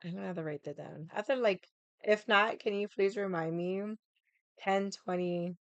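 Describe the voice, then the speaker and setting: A woman's voice: medium pitch, fairly even intonation, normal speed, no echo, dull audio. A young adult woman streamer chatting casually with her viewers, rambling and swearing often. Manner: rambling, swears a lot, many likes.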